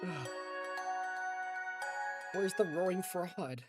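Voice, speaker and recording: A man's voice: sits high, slow. A man streaming a game live, reacting emotionally and thanking his chat. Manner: emotional, excitable, addresses chat. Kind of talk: live gaming commentary. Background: loud game music.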